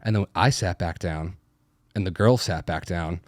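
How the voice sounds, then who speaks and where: A man's voice: low voice, moderate pace, dry recording, clean studio sound. A young man from Massachusetts telling a profane, self-deprecating story in casual chat.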